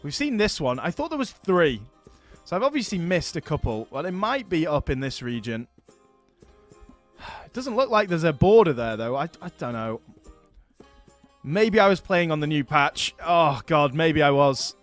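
A man hosting a strategy game let's play, chatting casually and thinking aloud, getting excited over his battles. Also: a little high, moderate pace, soft background music. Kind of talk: casual gameplay commentary.

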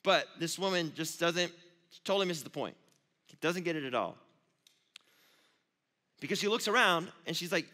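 A man, a youth pastor, giving a casual, storytelling sermon with animated asides. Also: on the high side, moderate pace, long pauses. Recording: long reverb of a large hall.

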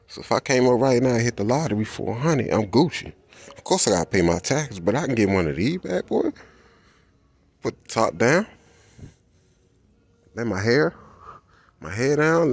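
A man with kids vlogging casually as he walks a car showroom floor, excited and slangy, tagging "man" onto nearly every line. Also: medium pitch, gravelly, slightly rough, no room sound. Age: adult with kids. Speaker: vlogger touring a car dealership. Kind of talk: casual walkaround vlog.

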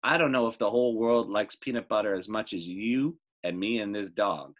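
A man's voice: fairly low pitch, normal speed, natural voice. A man reading aloud, voicing an old woman who drawls in a folksy, dryly funny way. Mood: amused.

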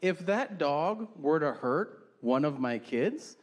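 A man's voice: a little high, very animated, slow. A man doing a stand-up comedy routine on stage, telling profane stories and acting out other people in shifted voices. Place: comedy stage before a live audience.

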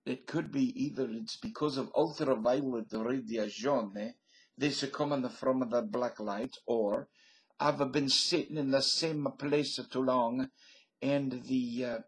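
Speaking slowly and steadily at a medium pitch, an older vlogger sits at home before his webcam, rambling through a stream-of-consciousness comedy routine and chuckling at his own jokes. The audio quality is poor.

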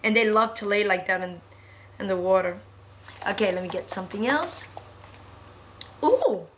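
A woman's voice: mid-range voice, normal speed, slight background noise. A woman teaching a preschool lesson to young children, in a cheerful sing-song way.

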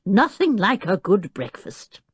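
A bluff, booming professor who forgets his own meals, as a woman reads him aloud. His voice swings up and down with lively pitch, and the reading is dry and close. Storybook reading. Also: measured pace, husky, no echo, heavily acted. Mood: hearty. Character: loud absent-minded scientist father, gruff.

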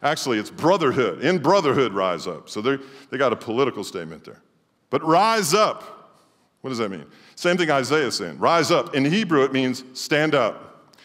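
A middle-aged male pastor preaching a sermon emphatically, swinging between loud declarations and quiet asides. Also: mid-range voice, sing-song, brisk. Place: church sanctuary. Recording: long church hall reverb.

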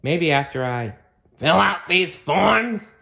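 A man reading a storybook aloud, voicing a small, excitable one-eyed male monster with an eager, bouncy delivery. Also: fairly high pitch, slow pace, creaky, pitched above the performer's own voice, exaggerated voice.

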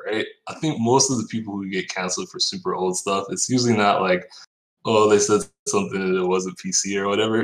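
A man with a low voice works through his argument step by step in a casual podcast talk. His voice echoes in the room around him. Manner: measured, reasoning step by step.

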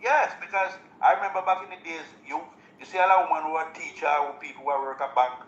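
A Jamaican man hosting a live show, talking in relaxed patois and laughing often. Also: on the high side, fast, dull audio. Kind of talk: casual chat. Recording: roomy echo, faint background noise.

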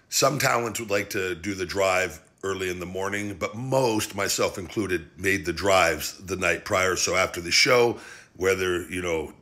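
Man, ex-wrestler, very low voice, bright forceful edge, plain step-by-step telling. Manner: matter-of-fact, walks through a routine step by step. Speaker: former wrestler. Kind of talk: recounting life on the road.

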